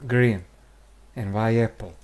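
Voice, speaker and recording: A man calls a strategy game match at an unhurried pace, his voice mellow and dark. He keeps his pitch level and even, and often stalls on fillers before finishing a thought. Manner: hesitant, frequent filler pauses. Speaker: game commentator. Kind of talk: live game commentary.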